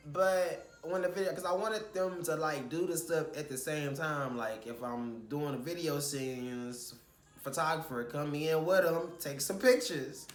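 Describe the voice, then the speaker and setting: A young man vlogs in a loose, rambling way, his voice sitting a little high for a man. He gets animated and swears as he retells what annoyed him. The sound bounces around a roomy space. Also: a little slow. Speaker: vlogger recounting a shoot. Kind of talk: casual storytelling vlog.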